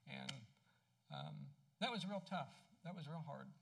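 A man preaching a sermon in a conversational way, asking his congregation questions and dropping soft and low when he tells personal stories. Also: wildly swooping pitch, measured pace, vocal fry. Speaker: pastor.

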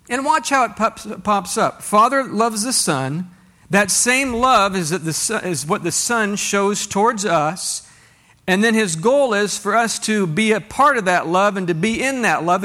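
A man's voice: high voice, bright, forceful tone. A man preaching a sermon to a congregation, reading scripture aloud and asking rhetorical questions in a conversational way. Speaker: pastor.

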